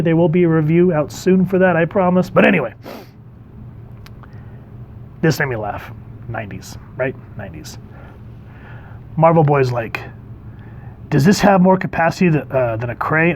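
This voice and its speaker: A man casually reviewing a comic book, animated and acting out the characters' lines in quick voices. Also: mid-range voice, slight background noise.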